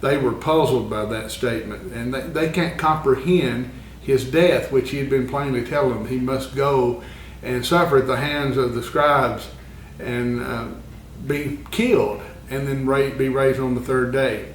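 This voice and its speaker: A man teaching a Bible lesson in a church classroom, earnest and often pausing with fillers. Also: medium pitch, fairly even intonation, a little hiss or hum. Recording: echoey room, far from the mic.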